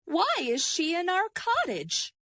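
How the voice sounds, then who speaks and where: A woman voicing a gentle mother bear who mumbles her lines in a mildly puzzled way for a storybook reading. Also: very high voice, huge pitch swings, takes it slowly, no room sound, clean studio sound, pitched above the performer's own voice, exaggerated voice.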